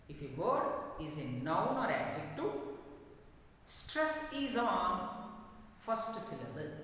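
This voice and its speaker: Slow, emphatic male teacher in echoey room. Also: sits high, a bit bright. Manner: slow, repetitive, emphatic explaining. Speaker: English teacher. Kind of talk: classroom grammar lesson. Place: classroom. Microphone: far from the mic. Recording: echoey room recorded from far off.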